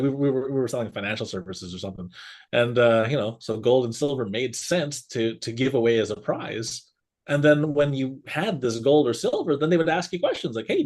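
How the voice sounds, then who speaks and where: A man co-hosting a casual business talk show, telling stories and acting out what people said, often laughing. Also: medium pitch. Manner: animated storyteller, acts out quotes, laughs often. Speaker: podcast co-host.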